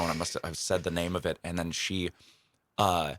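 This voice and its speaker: Young man, comedian, very low voice, forceful tone, rambling, self-deprecating, radio studio. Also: fairly even intonation, quick pace, slight background noise. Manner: chatty, self-deprecating, rambling with fillers and laughs. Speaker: comedian, radio interview guest. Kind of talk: casual interview storytelling.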